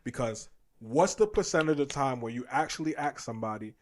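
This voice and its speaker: A man's voice: mid-range voice, fairly quick, slight background noise. A young man co-hosting a podcast in casual chat, talkative and laughing often, acting out bits of small talk. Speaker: podcast co-host.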